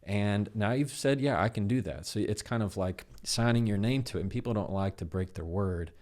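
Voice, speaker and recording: A man's voice: fairly low pitch, normal speed. A man, a podcast guest, explaining how to handle difficult conversations and acting out bits of dialogue as he goes. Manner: animated, acts out dialogue in quoted voices. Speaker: guest, communication expert. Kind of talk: conversational explanation with acted examples.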